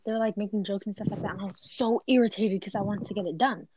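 A woman's voice: medium pitch, fairly even intonation, fast. Hesitant woman over noisy clicks. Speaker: podcast co-host. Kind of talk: casual storytelling chat.

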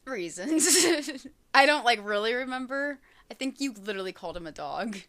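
A woman's voice: a little high, expressive, moderate pace, fairly bright tone. A woman in her thirties hosting a podcast. She talks in a chatty, giggly way and leans on "literally" and "like" a lot. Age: 30s. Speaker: podcast host telling a true crime story. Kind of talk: casual chat. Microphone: shared single mic.

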